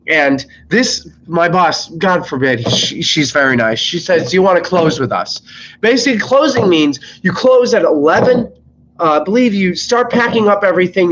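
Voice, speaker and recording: A young man, sick, telling rambling, exasperated stories about his fast-food job on a live stream, swearing constantly. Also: a little high. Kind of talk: casual live-stream storytelling. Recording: slightly dull lo-fi mic with faint noise.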